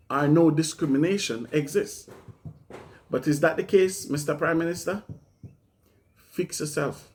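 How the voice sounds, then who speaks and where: Male preacher, fiery and repetitive, slightly high voice. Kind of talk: impassioned sermon-style commentary.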